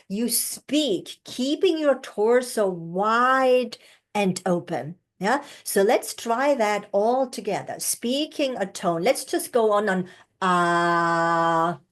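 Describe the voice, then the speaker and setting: A woman with a somewhat high voice teaches an online voice class over a video call. She speaks slowly and encouragingly while demonstrating breathing and tones.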